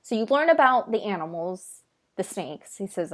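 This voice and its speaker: Lady on a video call relaying what her guest says, laughs a lot, regular pitch. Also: big pitch swings, moderate pace. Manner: retells the guest's words, laughs often. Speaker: host relaying a channeled guest's words. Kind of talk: casual chat on a video call.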